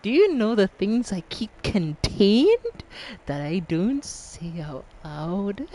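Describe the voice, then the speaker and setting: A woman streamer chatting with her audience in an unhurried, drawn-out way, her pitch swooping up and down a lot. She teases playfully and breaks into laughter often. She is frank and swears freely. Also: sing-song, dark tone, slight background noise. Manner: teasing, laughs often between lines. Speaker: game streamer. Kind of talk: casual chat with a live stream audience.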